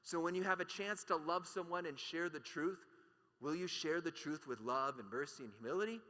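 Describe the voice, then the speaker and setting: A man's voice: on the high side, normal speed, bright, forceful tone. A man giving an impassioned keynote talk at a conference, emphatic and full of rhetorical questions. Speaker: conference speaker. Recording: long hall reverb.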